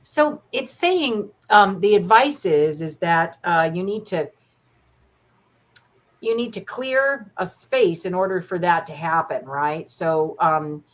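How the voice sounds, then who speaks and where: A woman's voice: fairly low pitch, expressive, slow. A woman reading tarot cards as a guest on a livestream, chatty and upbeat, often tagging lines with "right?". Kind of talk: casual card reading on a livestream.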